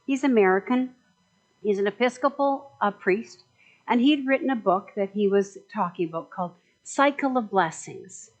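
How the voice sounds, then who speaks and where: A woman's voice: medium pitch, moderate pace, low-quality recording. A woman minister giving a chatty, joking sermon in a conversational way.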